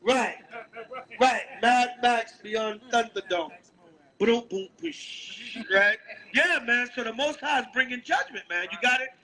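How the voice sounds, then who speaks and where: A man's voice: very high-pitched, measured pace, sharp tone, low-quality recording. A man with a Brooklyn, New York accent preaching on the street, calling out verses and asking "right?" again and again. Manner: emphatic, calls out verses, asks "right?" often. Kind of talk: street sermon with scripture reading.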